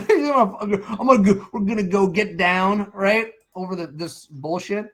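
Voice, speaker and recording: A man's voice: sits high, normal speed, faint music behind. A middle-aged man chatting casually on a stream, telling stories with lots of swearing and acting out what people said. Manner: animated storyteller, acts out quotes, swears freely. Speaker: stream co-host. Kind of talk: casual chat.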